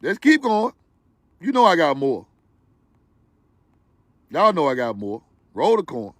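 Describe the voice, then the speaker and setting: A man talking to his livestream viewers in a high, lively voice that swings up and down a lot. His delivery is slow and drawn out, preachy and joking at once. The sound is dry and close. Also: dry recording. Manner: animated, preachy and joking, laughs loudly; talks to viewers directly. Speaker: livestream host. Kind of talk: excited livestream commentary.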